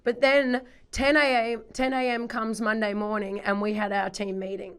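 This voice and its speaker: A croaky woman co-hosting a chatty podcast, laughing often. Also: on the high side, little pitch movement, moderate pace, fairly bright tone. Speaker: podcast co-host. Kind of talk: casual chat.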